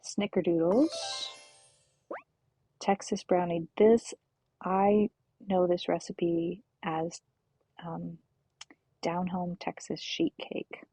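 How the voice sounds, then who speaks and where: A woman gives relaxed commentary over a cozy game stream, speaking slowly and often dropping into a half-whisper. Her voice is mellow and husky, with a gravelly edge. Soft music plays faintly behind her. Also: on the low side, no echo.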